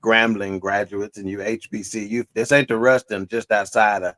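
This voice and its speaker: A man's voice: fairly low pitch, level tone, moderate pace, a bit bright. A man co-hosting a casual podcast chat, joking in mock-formal banter. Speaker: co-host.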